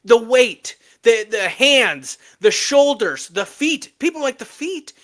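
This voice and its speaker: A man co-hosting a casual sports podcast, animated and joking, with emphatic trash talk. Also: very high voice, slow pace. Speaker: podcast co-host.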